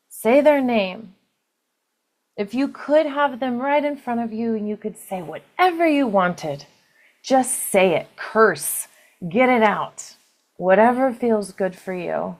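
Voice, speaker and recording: A woman leading a guided EFT tapping session, calling out tapping points in a slow, gentle, repetitive way. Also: fairly high pitch, expressive.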